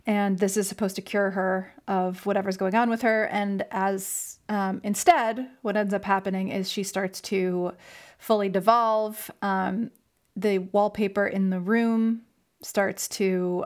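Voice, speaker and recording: Woman with a gravelly, creaky voice. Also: medium pitch, little pitch movement. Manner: chatty, many fillers, reads a passage aloud slowly. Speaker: podcast co-host. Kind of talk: casual film discussion podcast.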